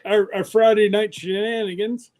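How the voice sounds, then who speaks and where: Hosting a laid-back livestream chat, this Canadian man has a strikingly high voice. His talk comes in fast, playful bursts as he teases and jokes with his guests.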